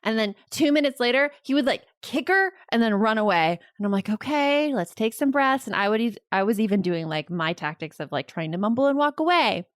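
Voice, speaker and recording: A mother co-hosting a casual parenting podcast, telling stories with lively acted-out outbursts. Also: medium pitch, brisk, hardly any pauses, no room sound, clean studio sound. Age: adult mother. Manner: animated storyteller, acts out raised voices. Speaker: podcast co-host.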